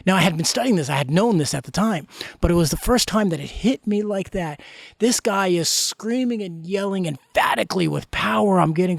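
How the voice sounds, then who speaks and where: A man's voice: high-pitched, a little fast, creaky, dry recording, studio quality. A middle-aged man giving an emphatic motivational talk as a life coach, full of rhetorical questions.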